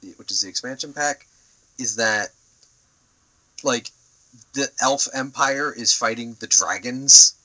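Bright-voiced young man rambling casually. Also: mid-range voice, unhurried, pauses often, low-quality recording. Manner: rambling and animated, heavy on fillers and swearing. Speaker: podcast co-host. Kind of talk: casual chat.

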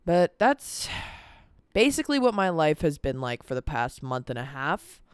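This casual vlog-style chat features an eighteen-year-old podcast host who sounds tired, rambles, curses, and leans heavily on "like" while discussing stress and a busy month. The voice is medium-pitched and very animated at a normal speed, with a clean tone, no echo, and studio quality. The setting is a cold indoor room, filmed by a camera on a timer.

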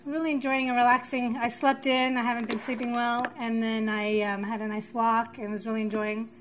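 A fairly high-voiced woman speaks at a recovery meeting, feeling her way through a personal share with frequent pauses and restarts. Faint room noise sits under her voice. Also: level tone, rough recording. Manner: halting, many fillers and restarts.

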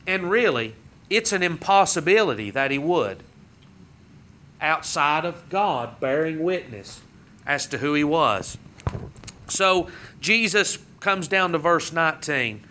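A man teaches a Sunday school Bible lesson in a conversational way, his voice bright and forceful and a little high. He lifts his pitch and force when he retells what the crowds said. The recording sounds dull and lo-fi. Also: lively intonation, unhurried.

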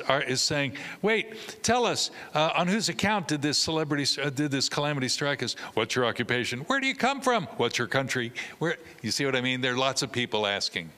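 A man's voice: mid-range voice, bright, forceful tone, long reverb tail. A man preaching a sermon, telling a story with humor and acting out the characters' voices.

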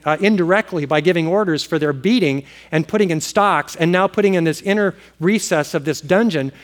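Man, pastor, sermon, animated storytelling, slightly high pitch, loud and hushed swings.

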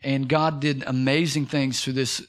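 A man preaching a sermon as pastor, energetic and rhythmic, calling on his congregation to respond. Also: medium pitch, moderate pace.

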